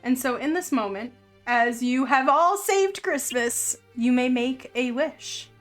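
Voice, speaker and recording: A woman who, as game master, narrates a tabletop game in an unhurried, descriptive storytelling way. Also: sits high, soft background music.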